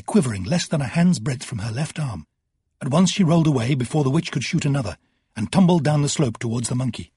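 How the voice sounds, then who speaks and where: A man narrating an audiobook in measured, dramatic storytelling. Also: fairly high pitch, a little mellow, slightly rough, no room sound, clean studio sound. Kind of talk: scripted narration.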